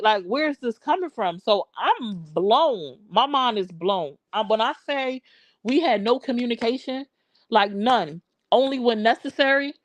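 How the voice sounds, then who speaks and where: A woman's voice: a little high, dry recording, muffled recording. Woman in her forties, live stream storytelling, slangy and chatty, dry close sound. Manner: chatty, slangy, greets viewers mid-story.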